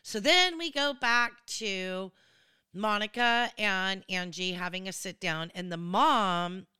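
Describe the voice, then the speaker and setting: A woman's voice: mid-range voice, slow, bright, forceful tone, smooth, no echo, studio quality. A woman giving casual, opinionated commentary on a reality show, acting out what people said in different voices. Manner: chatty, opinionated, acts out quotes in voices.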